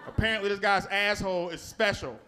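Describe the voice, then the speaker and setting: A high-pitched man doing stand-up in a comedy club, telling profane stories with lively energy and talking to the crowd. The live recording carries a lot of noise. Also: a little fast. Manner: profane, animated storytelling with crowd work.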